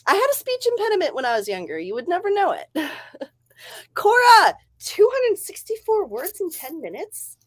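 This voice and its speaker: A woman's voice: extremely high pitch, huge pitch swings, brisk, a little mellow. Chatty woman hosting a writing stream. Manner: chatty, rambling, laughs often. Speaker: livestream host. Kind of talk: casual livestream chat.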